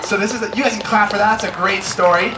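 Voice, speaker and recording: An American man hosts a live educational bird show at an outdoor amphitheater, teasing playfully as he coaxes volunteers up. He speaks fast in a high-pitched, steady voice, captured as roomy live show sound with music and background noise.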